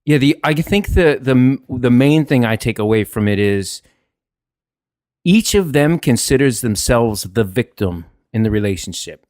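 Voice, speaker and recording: A man's voice: mid-range voice, no room sound, clean studio sound. A man hosting a casual talk show, wry and joking, often breaking into laughter. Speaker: host. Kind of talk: casual commentary.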